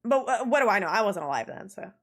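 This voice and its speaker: Animated young woman streamer, swearing freely. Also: mid-range voice, fast talker. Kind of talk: casual live-stream chat.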